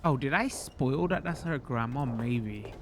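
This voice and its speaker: A man's voice: mid-range voice, expressive, unhurried, noisy background. Man streamer chatting over gameplay. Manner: thinking aloud, reading game text aloud. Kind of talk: casual gameplay commentary.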